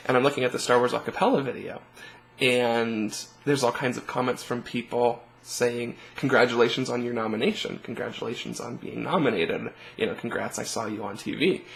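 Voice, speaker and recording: Young male vlogger, earnest and emotional, mid-pitched, soft trailing delivery. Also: low-quality recording. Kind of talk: personal storytelling to camera.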